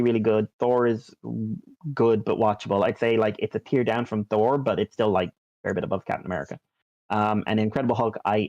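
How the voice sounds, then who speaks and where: A man with a lowish, darkish voice co-hosts a podcast, chatting casually and wandering off track with lots of ums, likes and restarts. No echo is present, and the recording sounds dull, dry and lo-fi.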